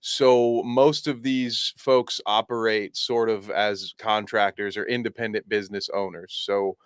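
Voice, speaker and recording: A man riffing on a clip with his co-host, swearing freely and laughing at his own jokes. His voice is smooth and clear, recorded dry and close. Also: on the low side, fairly even intonation, a little slow, no room sound. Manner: blunt, profane, laughing opinions. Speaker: podcast co-host. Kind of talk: casual reaction commentary.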